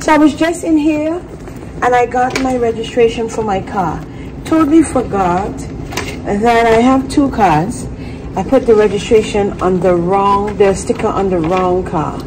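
A woman vlogger chatting casually and excitedly straight to her viewers. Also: a little high, a little slow, noisy background. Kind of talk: casual vlog chat to viewers.

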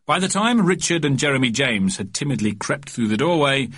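A man narrating a children's storybook audiobook with a lively, expressive reading. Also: mid-range voice, a little fast, breathy edge, no room sound.

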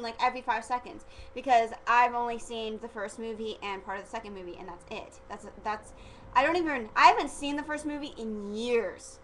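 Giggly chatty teen girl, higher voice. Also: brisk, a bit bright, slight background noise, poor audio. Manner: chatty and giggly, heavy use of "like" fillers. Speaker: vlogger. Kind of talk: casual rambling vlog.

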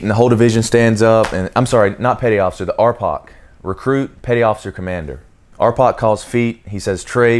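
A young man and Navy sailor talking casually to camera, telling stories with animated energy and speaking directly to viewers. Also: low voice. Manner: animated, acts out shouted commands mid-story; talks straight to viewers with repeated "okay?".

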